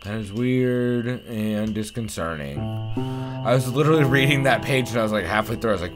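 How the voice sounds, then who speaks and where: A man's voice: on the low side, a little fast, music in the background. A man casually commenting on a game he is playing, swearing a lot and reading the game's diary text aloud. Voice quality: profane, sarcastic, reacts loudly. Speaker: let's play host.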